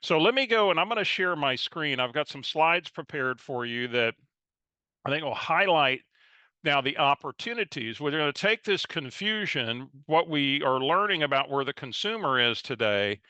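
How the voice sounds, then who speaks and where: Bright-voiced man coaching. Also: fairly high pitch, moderate pace, smooth, no echo. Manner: energetic, chatty, reads audience chat aloud. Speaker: real estate coach. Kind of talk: live webinar presentation.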